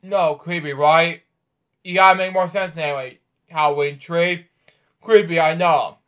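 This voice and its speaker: Male host, bedtime read-aloud, stumbling and chatty, voice on the higher side. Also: steady tone, fairly bright tone. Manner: halting reading with stumbles and offhand commentary. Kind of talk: reading a picture book aloud with casual asides.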